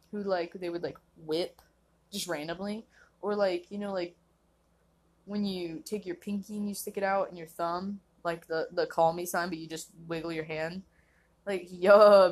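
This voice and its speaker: A woman's voice: lowish voice, steady tone, moderate pace, darkish tone. A young woman hosting a casual solo podcast, rambling and laughing often, filling her talk with "like". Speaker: podcast host.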